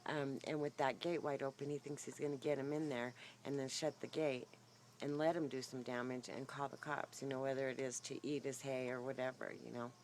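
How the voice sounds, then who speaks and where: A woman's voice: extremely low pitch, brisk. A woman talks straight into her phone's own mic outdoors near her horses, chatty and rambling, with fillers everywhere. Her voice sounds a little shaky, and a faint hiss of outdoor noise sits under it. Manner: rambling, animated storytelling with many fillers. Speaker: vlogger. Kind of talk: casual rambling vlog. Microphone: phone's built-in mic, no clip-on mic.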